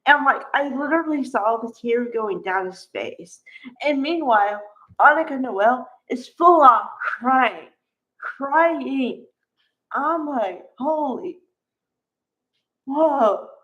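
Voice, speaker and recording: A woman's voice: sits high, lively intonation, takes it slowly, fairly bright tone, lo-fi sound. A woman recapping a soap opera in a casual, gushing chat, her talk full of "like". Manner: gushing, chatty, peppered with "like".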